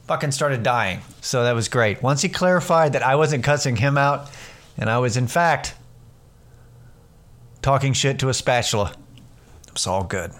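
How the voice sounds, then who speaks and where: A man's voice: medium pitch, lively intonation, moderate pace, long pauses, a bit bright. A middle-aged man and comedian hosting a casual solo podcast, telling rambling, profane stories full of restarts. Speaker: podcast host; stand-up comedian.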